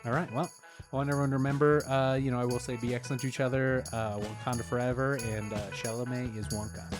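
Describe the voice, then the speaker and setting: A man hosting a casual podcast interview, playfully building absurd what-if scenarios with his guest. His voice sits at an ordinary middle pitch and his delivery is loose and easygoing. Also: little pitch movement, fast talker, music in the background. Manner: playful, spins comic scenarios. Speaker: podcast host.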